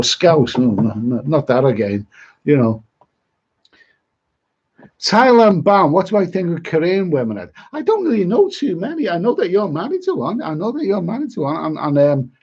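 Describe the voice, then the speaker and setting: A middle-aged man from rambles through a casual live-stream chat, often repeating himself. His voice is a touch high and husky, heard through dull, lo-fi stream audio. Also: darkish tone. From Liverpool, England. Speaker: travel vlogger reading live chat.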